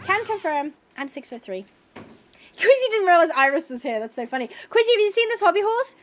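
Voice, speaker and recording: A woman's voice: very high-pitched, sing-song, fairly quick, soft background music. A woman in her twenties chatting casually while playing a game, bubbly and gushing, with lots of filler words. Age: 20s. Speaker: streamer. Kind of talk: casual chat while gaming.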